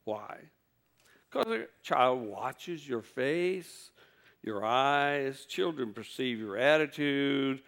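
Smooth-voiced male preacher with wry humor. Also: medium pitch, animated, drawn-out words, fairly bright tone. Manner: folksy storytelling with wry humor. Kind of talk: sermon.

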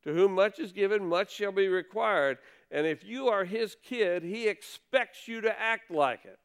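A man delivers a sermon in a smooth, resonant voice that sits a little high for a man. He talks to the congregation conversationally and leans hard on key words for emphasis. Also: measured pace. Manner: conversational preaching with emphatic stresses. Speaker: pastor.

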